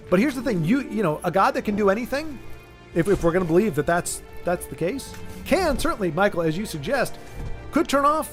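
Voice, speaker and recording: A man hosting a casual chat, rambling and restarting his sentences as he talks through an idea. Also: sits high. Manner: rambling, many restarts and repeated words. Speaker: streamer host.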